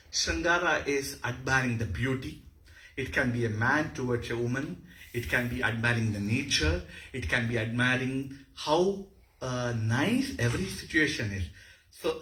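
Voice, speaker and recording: A man with an Indian accent giving an animated university lecture on dance. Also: medium pitch. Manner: explanatory, animated. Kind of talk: lecture with demonstrations. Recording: echoey hall.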